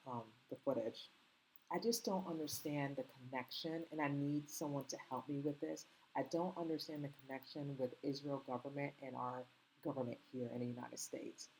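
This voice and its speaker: A woman's voice: low voice, breathy edge, rough recording. A woman with a slight foreign accent hosting her own commentary channel, talking earnestly and rambling with many ums and restarts. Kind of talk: casual opinion commentary.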